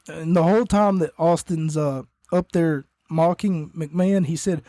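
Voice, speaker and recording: A man's voice: high voice, steady tone, moderate pace, hardly any pauses, dark tone, no room sound, clean studio sound. A man hosting a podcast, casually recapping wrestling in a rambling way, often correcting himself and coughing between points. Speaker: podcast host.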